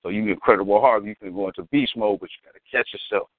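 Low-voiced man telling a rambling story. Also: fast, no echo. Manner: profane, rambling, slangy, philosophical. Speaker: storyteller guest. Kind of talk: casual storytelling. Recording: tinny phone-like, dry.

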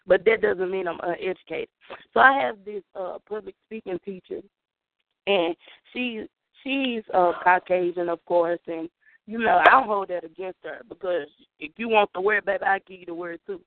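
This caller is a young woman from the American South, speaking at medium pitch and moderate pace with no room sound on a tinny, dry phone line. Her call-in testimony is emphatic and preacherly, aimed right at listeners.

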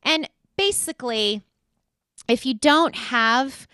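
Woman host delivering an emphatic motivational talk, somewhat high-pitched, dry and close. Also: takes it slowly, bright, forceful tone, no echo. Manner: emphatic, direct address to listeners, repeats key points. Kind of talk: motivational talk-show monologue.

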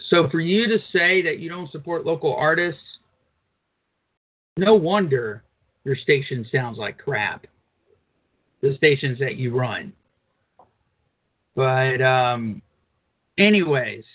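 A man co-hosting an uncensored talk radio show, reading news aloud with crude, blunt asides. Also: fairly high pitch. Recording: phone-like narrow band.

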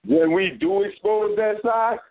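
A blunt, swearing man hosts a radio talk show and argues loosely with his co-hosts. His voice sits a little high for a man. It comes through a narrow, phone-like band. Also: a little slow. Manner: blunt, animated, swears freely.

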